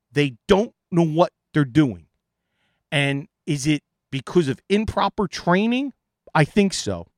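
A man's voice: sits high, no echo, clean studio sound. A man, an IT consultant, telling an exasperated story in a casual monologue.

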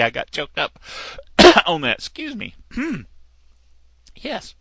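A middle-aged man with a slightly gravelly voice hosting a casual tech news show, digressing often and chuckling at his own jokes. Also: fairly high pitch, wildly swooping pitch, measured pace, bright, forceful tone, no echo. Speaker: tech podcast host. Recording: dull lo-fi dry recording.

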